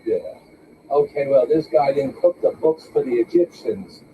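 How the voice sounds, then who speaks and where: Older man hosting stand-up, slow and animated. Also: mid-range voice, far from the mic, highs cut off, slight background noise. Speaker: open mic host. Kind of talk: stand-up comedy. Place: small club with a live audience. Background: audience laughter.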